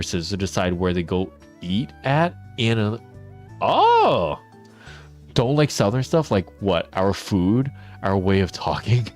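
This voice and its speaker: A man with a somewhat low, slightly mellow voice streams a farming game, chatting casually with his viewers. He answers chat and laughs often, and he is a teacher.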